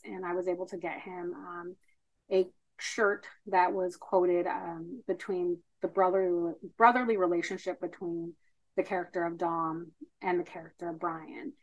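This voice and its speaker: Podcast guest, woman, 30s, lowish voice, earnest storyteller with lots of fillers. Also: little pitch movement, normal speed, highs cut off. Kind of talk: casual interview.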